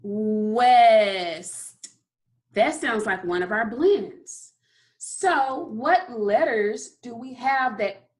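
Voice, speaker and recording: A woman teaching a recorded phonics lesson to kindergarteners, sounding out letters and praising often. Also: a little high. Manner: slow, encouraging, sounds out letters.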